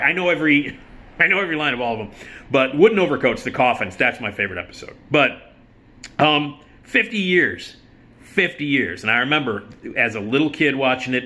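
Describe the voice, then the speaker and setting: A man's voice: fairly low pitch, pushed and bright. Rambling, enthusiastic middle-aged man. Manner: rambling, enthusiastic, profane, many fillers. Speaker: host. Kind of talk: casual chat.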